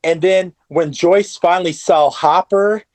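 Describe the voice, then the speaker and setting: A man guest on a podcast, recapping a show excitedly with lots of fillers. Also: high voice, measured pace. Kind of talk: casual chat.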